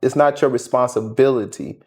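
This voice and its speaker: A man's voice: mid-range voice, fairly even intonation, normal speed, a little mellow. A man commenting on a story, giving direct, casual advice. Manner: direct, advising.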